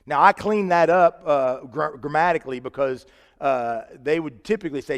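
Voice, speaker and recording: A man preaching a sermon in a church, earnest and conversational, swinging between loud emphasis and quiet asides. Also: on the high side, normal speed. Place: church sanctuary. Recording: reverberant church hall.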